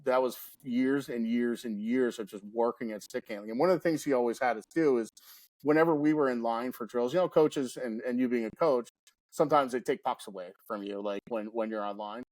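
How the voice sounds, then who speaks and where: A man's voice: mid-range voice, a little fast, darkish tone, no echo. A man in his forties, guest-hosting a casual podcast, telling stories with laughs and frequent restarts. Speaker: guest host.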